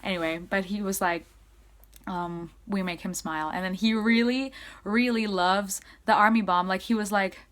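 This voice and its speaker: Excitable young woman recapping casually. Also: medium pitch, normal speed. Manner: chatty, excitable, many "like"s, swings loud to soft. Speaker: vlogger. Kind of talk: casual fan recap to camera.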